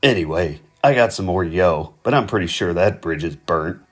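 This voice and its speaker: A man voicing Hank, a gruff, profane male criminal with a low, weary drawl. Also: lively intonation, moderate pace, soft background music. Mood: wry.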